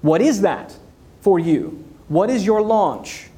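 Man, keynote speaker, higher voice, energetic, rhetorical, repeats for emphasis. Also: slow. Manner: animated storytelling with rhetorical questions and repetition. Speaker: conference speaker.

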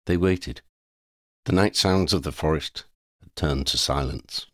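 A man reading a fan fiction audiobook in an expressive storytelling manner. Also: very deep voice, measured pace, no echo, studio quality. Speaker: audiobook reader.

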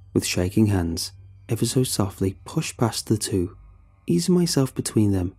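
Deep, husky man narrating horror. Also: dark tone.

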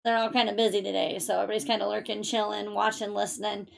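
A woman's voice: medium pitch, level tone, fast, gravelly. A woman streaming a game live, chatty and gushing, thanking viewers emotionally. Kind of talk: live gaming stream commentary.

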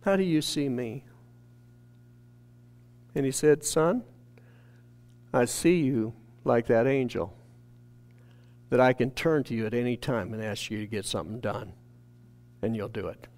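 A man's voice: medium pitch, measured pace, pauses often. A man from a church staff telling an earnest, emotional testimony in a sermon. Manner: earnest storytelling, rising to shouted quotes.

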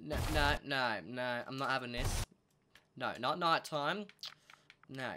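Speaking slowly at a medium pitch, this gaming host narrates the play and addresses the animals in the game. A constant background hum is present.

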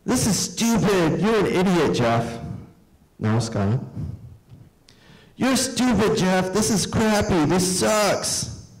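A man's voice: high-pitched, expressive, slow pace, pitched above the performer's own voice, full character voice, poor audio. A man doing a bratty, sulking boy. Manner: whining, petulant. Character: sulky boy, insulting and bratty.

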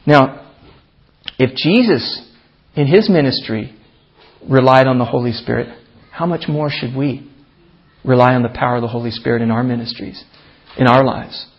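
Husky-voiced man preaching a sermon. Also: mid-range voice, moderate pace, long pauses. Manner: emphatic preaching, rising on scripture quotes. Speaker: pastor. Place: church. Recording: dull archived church recording.

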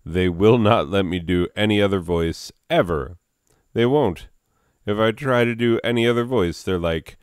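A man's voice: on the low side, moderate pace, clean tone, no room sound, clean studio sound. A man, a father, breaking off into casual self-mocking asides while hosting a comedy reading. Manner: self-deprecating, mumbled asides. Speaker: comedic video host, father.

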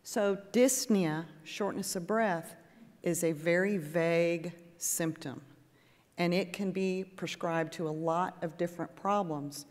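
A woman nurse practitioner giving a lively, conversational lecture to a patient audience and acting out exchanges with patients. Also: on the low side, slow pace. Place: conference hall with audience. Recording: echoey hall.

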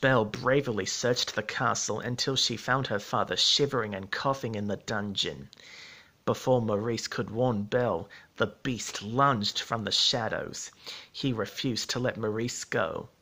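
A man narrating a storybook in a measured, steady reading voice. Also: lowish voice.

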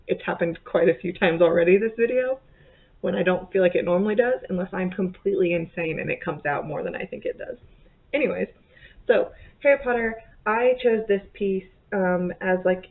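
A woman from southern Indiana with a slight Southern accent chats about her stitching, rambling and restarting her sentences with lots of fillers. Her voice has a gravelly fry. The recording sounds narrow and phone-like. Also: mid-range voice. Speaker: cross-stitch vlogger. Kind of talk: casual chat.

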